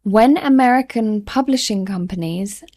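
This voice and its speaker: An English woman tutoring learners straight to camera. She speaks clearly and deliberately, at a middle pitch. She slows down to model single words. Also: a little mellow. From England. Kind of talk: teaching to camera.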